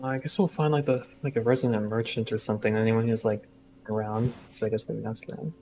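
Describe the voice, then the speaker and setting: A man's voice: fairly low pitch, flat delivery, quick pace, dark tone. A man playing in a tabletop game, speaking in an easygoing, somewhat hesitant manner. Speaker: player. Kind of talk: casual tabletop play.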